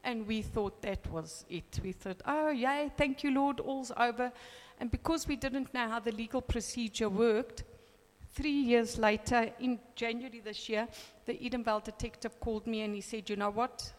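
A woman in her fifties giving a personal testimony, telling an animated story and acting out the dialogue. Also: a little high, normal speed, long reverb tail.

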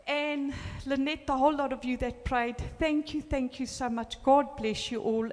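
A middle-aged woman with a high voice tells her testimony before a congregation. She quotes scripture and re-enacts prayers with rising emotion. Her voice carries a long reverb from the hall. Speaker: church member giving testimony. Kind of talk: church testimony. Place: church.

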